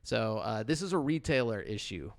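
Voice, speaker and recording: A man's voice: lowish voice, big pitch swings, moderate pace, creaky. A man co-hosting a gaming podcast, talking casually with lots of fillers and laughing at his own jokes. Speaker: podcast co-host. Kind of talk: casual chat.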